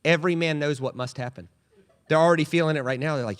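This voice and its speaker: A man's voice: a little high, brisk. A male pastor preaching a humorous sermon in a church, telling stories with playful comic voices. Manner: animated storytelling with comic voices. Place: church sanctuary.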